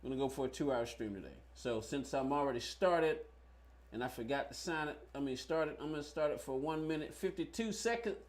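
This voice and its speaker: A man's voice: medium pitch, lively intonation, brisk. A man streaming a racing game, chatting casually with viewers and thinking aloud as he plays. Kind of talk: casual live-stream chat while playing.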